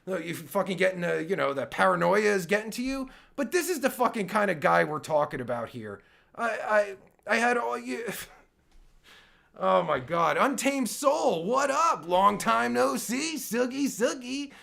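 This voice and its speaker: Gravelly high-voiced man ranting. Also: expressive, moderate pace, a bit bright. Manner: exasperated, stammering, sarcastic. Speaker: podcast host reacting to a clip. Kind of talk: profane livestream rant.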